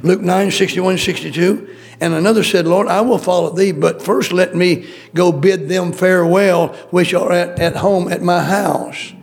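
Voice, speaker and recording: A man's voice: high voice, fairly even intonation, normal speed, creaky. A male preacher delivering a sermon, emphatic and repetitive, calling out questions to the congregation. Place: church.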